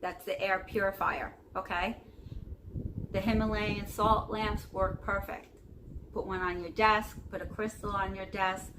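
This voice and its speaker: A woman's voice: mid-range voice, little pitch movement, unhurried. A woman vlogging casual spiritual advice to camera, rambling with many fillers and checking in with "okay?". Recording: noticeable background noise.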